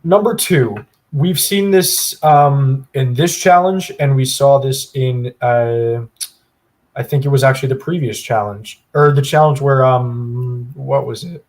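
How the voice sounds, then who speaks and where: A man's voice: medium pitch, unhurried, darkish tone. A man co-hosting a podcast, giving a long, opinionated analysis in casual chat with plenty of fillers. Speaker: podcast co-host.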